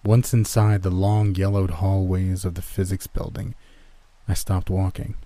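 A man narrating a first-person horror story in a steady, measured way. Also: low-pitched.

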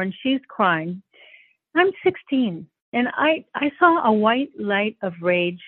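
A woman's voice: mid-range voice, no echo. Older woman telling a painful story, tinny. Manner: earnest, halting with restarts, vivid retelling. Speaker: interview guest. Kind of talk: emotional personal storytelling. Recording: dry tinny phone-like sound.

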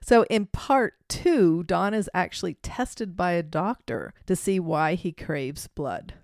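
A woman's voice: fairly low pitch, expressive, takes it slowly, a little mellow, dry recording, studio quality. A middle-aged woman co-hosting a podcast, chatting casually and explaining what she researched. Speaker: podcast co-host. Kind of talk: casual chat.

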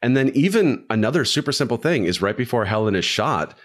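A man's voice: mid-range voice, big pitch swings, brisk. A man co-hosting a podcast, giving a meandering, self-interrupting take on films in casual chat. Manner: meandering, self-interrupting analysis with many fillers. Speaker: podcast co-host discussing films.

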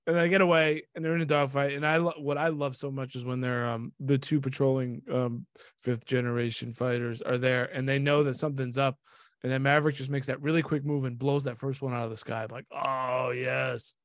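A man in casual conversation about a film, excited, laughing often and trailing off mid-sentence. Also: mid-range voice, fairly quick, no room sound, clean studio sound. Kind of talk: casual movie review chat.

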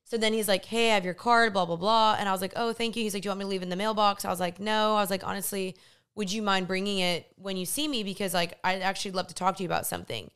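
A young woman, co-host, telling her side of a story in casual chat, expressive and quick to chime in. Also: mid-range voice, smooth. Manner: expressive, chimes in, laughs easily.

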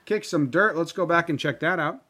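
A man's voice: a little high, fairly quick, pushed and bright. A man giving a profane, sarcastic breakdown of a video clip, acting out the people he quotes.

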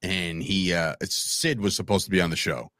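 A man telling stories as a podcast guest in a casual, animated way, acting out quoted lines and calling the listener "bro" and "man". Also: low-pitched, moderate pace, no echo, studio quality. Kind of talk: casual storytelling chat.

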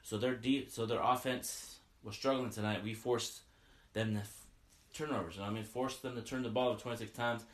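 A man giving a casual, excited fan recap of a basketball game, as a sports podcaster who keeps saying "you know what I mean.". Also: on the low side, brisk, reverberant.

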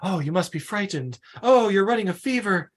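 A man voicing a bossy headmistress in an exaggerated falsetto while retelling a film. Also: expressive, normal speed. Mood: pushy. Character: shrill bossy headmistress, woman.

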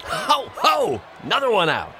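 A man playing an excitable husband caught up in an endurance contest. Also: high voice, a little slow, faint music behind, some chatter behind, exaggerated voice. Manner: excitable, shouting commentary. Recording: outdoor noise behind.

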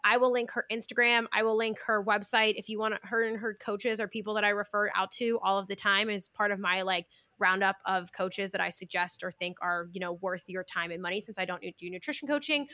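Intense young woman podcast host, forceful bright delivery, emphatic casual chat over a video call. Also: medium pitch, fairly even intonation, a little fast, hardly any pauses, no room sound. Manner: intense, emphatic, talks like she is yelling.

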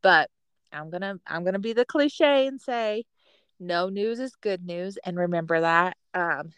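A woman, co-hosting a casual chat, candid and chatty and quick to laugh at herself. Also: on the low side, fairly bright tone, clear, resonant tone, no room sound. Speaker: podcast co-host, military spouse.

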